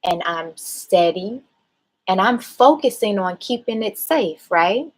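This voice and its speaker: A woman talks to her child in a calm, measured way, steering her with patient questions. She is holding back tears as she speaks. Her voice sits at an ordinary pitch for a woman. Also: slightly rough, rough recording. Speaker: mother. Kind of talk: parent talking a child through a mistake.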